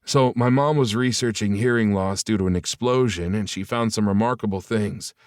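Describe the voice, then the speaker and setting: An easygoing, friendly groom-to-be, as a male narrator voices him talks lightly and warmly. His voice sits a little above the narration. The sound is close and dry. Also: on the low side, moderate pace, no echo, lightly acted. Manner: friendly, chuckling. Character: easygoing man, the happy groom-to-be.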